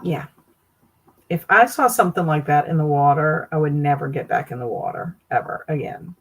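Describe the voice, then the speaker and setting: A woman's voice: low-pitched, lively intonation, moderate pace, slightly rough, rough recording. A woman hosting a casual livestream, reacting with amused, laughing commentary. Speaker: livestream host.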